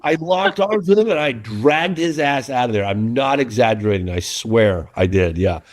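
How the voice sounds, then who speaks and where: A middle-aged man, the guest of an interview, talks in an even, middling register. He is an animated, earnest storyteller who keeps pressing his points. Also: medium pitch, normal speed. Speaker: documentary filmmaker, interview guest. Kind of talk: casual interview chat.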